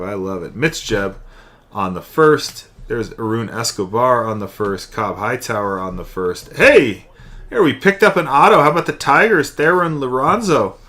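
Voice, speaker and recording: A young man runs a live card-opening stream, chatting away and announcing each card as he pulls it. His voice sits at medium pitch with a slightly bright edge.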